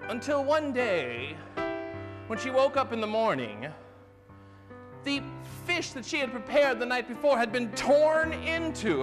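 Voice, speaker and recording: Guy telling a spooky folk tale on stage, high voice, hall echo, piano playing behind. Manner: animated, theatrical, with sudden loud bursts and slow drawn-out phrases. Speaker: storyteller. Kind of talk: live dramatic storytelling. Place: festival main stage, large hall. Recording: live hall reverb with piano accompaniment. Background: improvised piano.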